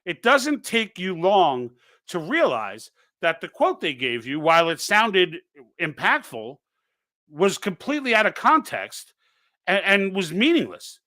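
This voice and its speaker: A man's voice: high voice, wildly swooping pitch, a little slow, sharp tone. A man hosting a live political stream, talking off the cuff in an urging, conversational way with frequent restarts and asides. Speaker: political livestream host. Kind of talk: unscripted live commentary.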